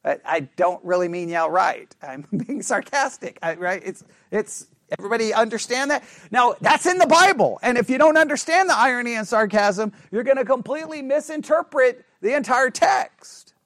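A middle-aged man with a high voice leads a Bible study lesson, talking in a chatty way and checking often that the class follows. He drops into a low mumble to act out sarcastic replies. The sound is close and dry. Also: expressive, moderate pace, few pauses, fairly bright tone, dry recording.

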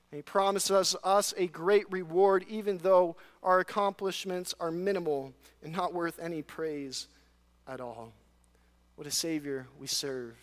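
Pastor guy preaching, high clear voice, earnest w/ dry sarcastic bits, big echoey church. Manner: earnest preaching with rhetorical questions and scripture readings. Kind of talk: sermon. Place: church sanctuary. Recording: long reverb of a large hall.

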